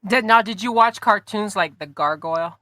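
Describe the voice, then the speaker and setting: A woman's voice: mid-range voice, normal speed, sharp tone, no room sound, clean studio sound. A woman hosting an interview podcast who asks rambling questions and searches for her words. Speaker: podcast host. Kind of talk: casual interview chat.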